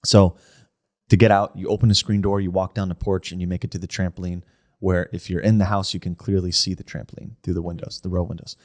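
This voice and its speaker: A young man casually telling a ghost story on a podcast, animated, often asking "right?" and acting out what people said. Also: low-pitched, fast talker. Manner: animated storyteller, acts out quoted voices, frequent "like" and "right?". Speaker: podcast co-host.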